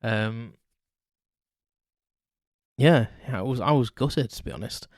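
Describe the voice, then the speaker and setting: A man's voice: mid-range voice, slow pace, no room sound, clean studio sound. A man hosting a solo podcast, telling childhood stories in a rambling, self-correcting way with chuckles. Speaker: podcast host. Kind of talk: casual solo storytelling.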